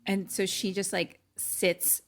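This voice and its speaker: A young woman co-hosting a casual podcast, retelling a film scene by scene and acting out the characters' lines, with many fillers. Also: takes it slowly. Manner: animated storytelling, acts out lines in a higher voice, many "like" fillers. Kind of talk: casual chat.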